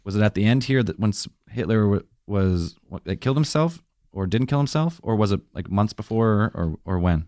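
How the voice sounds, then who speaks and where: Lower-voiced man thinking aloud. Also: expressive, fairly quick, a little mellow, dry recording, studio quality. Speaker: podcast co-host. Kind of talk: casual chat.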